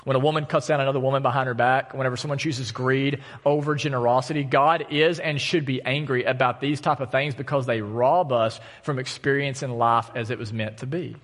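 A man's voice: mid-range voice, fairly even intonation, brisk, hardly any pauses, fairly bright tone. A man in his thirties preaching a sermon as pastor, talking conversationally and telling stories with self-deprecating humor. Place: church sanctuary. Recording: long reverb of a church hall.

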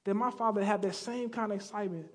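A man's voice: high-pitched, fast talker, big-room sound. A man preaching a sermon, telling stories and acting out characters in a casual, slangy way. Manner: acts out characters with slang voices. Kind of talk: sermon storytelling. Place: church sanctuary.

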